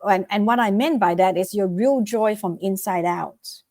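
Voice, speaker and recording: A middle-aged woman from Vietnam, a guest author and life coach, answering interview questions with animated, repeated motivational advice and acted-out quotes. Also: mid-range voice, moderate pace, no room sound, studio quality. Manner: animated, acts out quoted voices, repeats phrases for emphasis.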